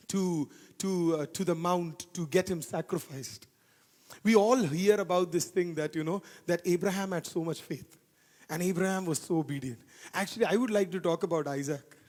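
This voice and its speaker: A pastor's high, ringing male voice delivers a fervent sermon, driving points home by repeating them. The sound carries a long reverb from a large church hall. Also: darkish tone. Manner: fervent preaching with repeated phrases.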